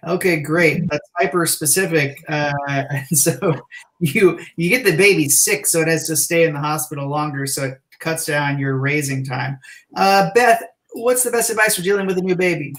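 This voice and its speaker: A man runs an improv game over a video call. He sums up each answer quickly before moving to the next player. His voice is a little high. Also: fairly bright tone.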